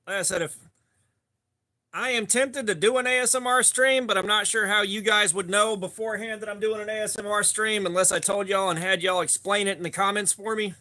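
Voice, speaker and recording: A man with a high, bright voice hosts a casual live stream. He greets viewers one after another by name and rambles loosely from topic to topic. His tone is forceful and upbeat. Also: steady tone, brisk. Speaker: livestream host.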